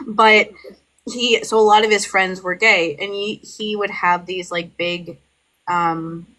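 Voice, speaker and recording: A woman's voice: lowish voice, poor audio. A woman co-hosting a podcast, telling a story in casual chat with constant "like" fillers and growing heat. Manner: heavy "like" fillers, animated and heated storytelling. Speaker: podcast co-host.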